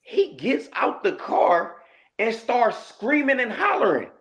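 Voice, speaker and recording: A man telling a story in a casual interview, animated and acting out the lines he quotes. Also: very high voice, slow. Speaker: guest, rapper.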